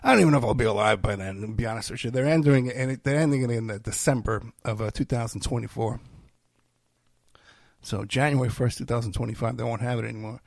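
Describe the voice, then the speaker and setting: Rambling, gravelly-voiced male podcast host. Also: mid-range voice, quick pace, no room sound. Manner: rambling, self-deprecating, many fillers. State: tired, feeling unwell. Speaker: podcast host and private investigator. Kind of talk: rambling solo podcast talk.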